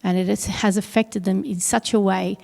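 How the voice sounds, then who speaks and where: A middle-aged woman telling a personal story on stage at an awards event, earnest and pausing heavily. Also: medium pitch, steady tone, creaky, dark tone. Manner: earnest, heavy pauses, quotes others in dialogue. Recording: long hall reverb.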